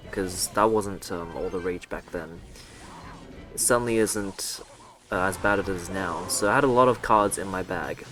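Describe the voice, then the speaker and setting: Rambling young man, low voice. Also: a bit bright. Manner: rambling and self-mocking, with sarcastic asides and swearing. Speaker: gaming vlogger. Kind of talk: casual storytelling over gameplay commentary.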